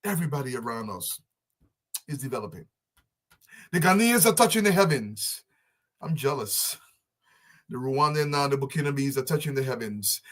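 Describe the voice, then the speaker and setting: Man, fervent repetitive appeal, mid-pitched voice, surges from hushed to raised. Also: lively intonation, normal speed, long pauses. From Liberia. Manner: fervent, pleading, repetitive, swinging from soft to loud. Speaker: diaspora business advocate. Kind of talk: impassioned public appeal.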